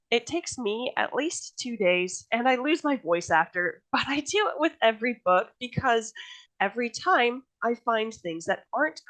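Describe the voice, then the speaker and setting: A woman's voice: mid-range voice, fairly bright tone, low-quality recording. A woman author giving a recorded workshop presentation on writing, in a chatty, friendly teaching tone that laughs easily.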